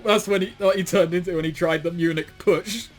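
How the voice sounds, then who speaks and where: A fairly high-pitched man riffing through a commentary recording, reading text aloud and tearing into it with dry, sardonic jabs and bursts of laughter. Faint music plays underneath. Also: steady tone, a little fast. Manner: sardonic, swears and laughs often. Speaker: commentary co-host. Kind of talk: casual reading and mocking commentary.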